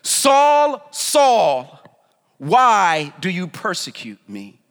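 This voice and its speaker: A man voicing the voice of God from heaven, slow and drawn out, with a long hall echo. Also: sits high, huge pitch swings, a bit bright, clear, resonant tone, full character voice. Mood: calling.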